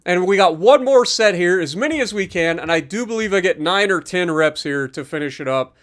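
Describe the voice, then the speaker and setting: A man's voice: sits high, expressive, a little fast, a bit bright. A man talking viewers through his gym workout in a chatty, upbeat voice-over. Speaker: fitness vlogger. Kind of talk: casual workout commentary voice-over.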